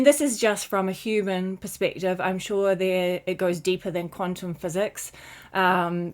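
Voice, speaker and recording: New Zealand woman, spiritual guide, unhurried and rambling, lots of "um"s. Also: mid-range voice. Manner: rambling, dreamy, many fillers and trailing phrases. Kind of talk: casual spiritual vlog talk.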